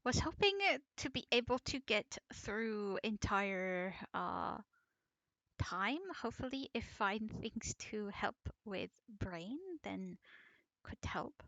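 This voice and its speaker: A woman playing in a roleplay, talking in a halting way that trails off. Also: medium pitch, fairly bright tone, no room sound, low-quality recording. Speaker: roleplay player. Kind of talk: casual roleplay chat.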